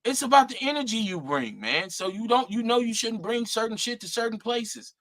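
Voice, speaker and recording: A middle-aged man co-hosting a casual talk show, animated and profane, laughing often and mimicking people. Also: very high voice, brisk. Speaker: co-host.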